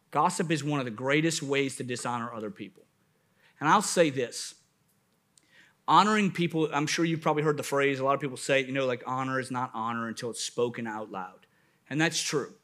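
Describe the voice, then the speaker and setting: A man's voice: medium pitch, a bit bright. A man pastor preaching a sermon at a church service, with rising bursts of emphasis and playful asides.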